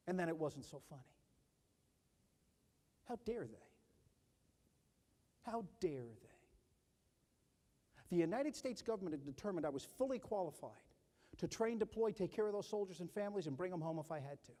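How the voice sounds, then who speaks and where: A middle-aged man and army officer giving a keynote leadership speech, telling stories in an animated way and acting out other people's voices. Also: sits high, normal speed, pauses often. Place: large conference hall. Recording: long hall reverb.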